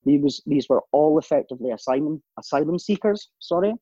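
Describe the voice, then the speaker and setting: A man's voice: fairly high pitch, lively intonation, fairly quick, dark tone, breathy edge, dry recording, dull audio. A man giving an earnest, emphatic personal monologue as host, with profanity and stumbles.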